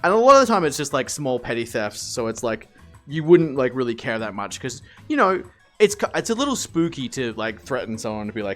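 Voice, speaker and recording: A man chatting casually with his stream, telling stories in a lively, swear-heavy way. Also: medium pitch, fast talker, soft background music. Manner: animated storyteller, swears freely. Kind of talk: casual live-stream chat.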